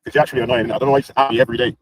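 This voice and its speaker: A man's voice: mid-range voice, level tone, rapid-fire, crowd noise, rough recording. A man hosting a casual talk stream, mocking and swearing, often laughing. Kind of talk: heated casual commentary.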